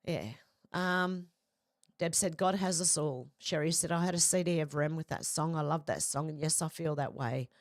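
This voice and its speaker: Australian woman, live-stream host, a bit low, dry close sound, casual and slangy. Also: normal speed, no room sound. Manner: chatty, slangy, reads viewer comments in a run. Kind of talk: casual live stream, reading comments aloud.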